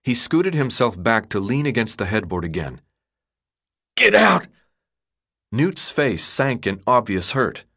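A man narrating an audiobook in a measured, expressive storytelling voice. His voice is fairly low and rises and falls freely. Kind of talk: scripted narration.

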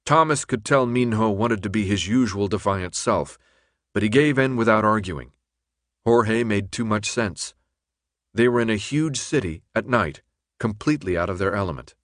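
A man reading a novel aloud in even, measured scripted narration. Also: fairly low pitch, no room sound, clean studio sound. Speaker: audiobook narrator.

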